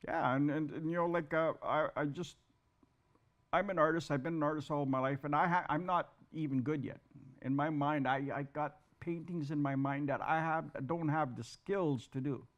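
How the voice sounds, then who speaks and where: A man who is an artist, talking in a casual interview, halting and repeating words, with self-deprecating humor. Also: on the high side, fairly even intonation, highs cut off. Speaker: guest artist.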